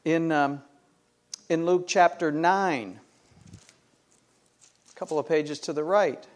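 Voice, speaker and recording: A man's voice: a little high, takes it slowly. A middle-aged man preaching a sermon, emphatic and full of rhetorical questions put to the congregation. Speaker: pastor.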